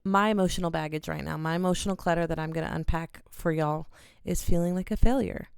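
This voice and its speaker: Woman, low-pitched, gravelly, smooth, gentle earnest guide, casual talk. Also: fairly even intonation, fast talker, dry recording, clean studio sound. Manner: gentle, earnest, coaching viewers step by step. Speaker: oracle card reader. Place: small home studio in a bedroom corner.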